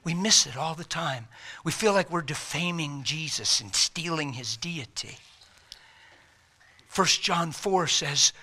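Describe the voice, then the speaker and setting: A man preaching an impassioned sermon, swinging between loud bursts and breathy whispers. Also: on the high side, expressive, measured pace.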